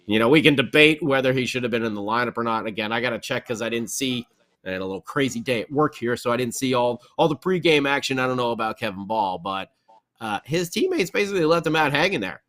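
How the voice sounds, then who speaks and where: Excitable man rambling through a hockey recap. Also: mid-range voice, fast talker. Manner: excitable, rambling, animated storytelling. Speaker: podcast co-host. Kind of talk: casual hockey recap chat.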